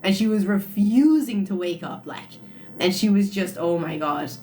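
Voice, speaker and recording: A young woman chats to her livestream viewers in a loose, animated way and breaks into laughter often. Her pitch sits in the middle range for a woman. She speaks into a phone mic, with faint noise behind her. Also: normal speed. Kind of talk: casual storytelling to live chat.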